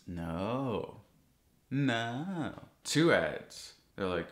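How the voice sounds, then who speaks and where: A man vlogging, ranting about ads with heavy swearing, his voice jumping up high when he gets exasperated. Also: lively intonation, unhurried, a bit bright, roomy sound. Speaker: YouTuber. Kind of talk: casual ranting vlog.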